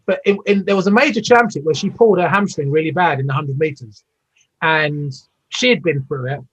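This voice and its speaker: A British man in his fifties tells long stories as an interview guest, rambling with many fillers and restarts. His voice sits a bit high for a man. He comes through a dull, lo-fi video-call line. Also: brisk, a bit bright, slightly rough. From United Kingdom. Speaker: interview guest, former Olympic athlete. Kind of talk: casual storytelling interview.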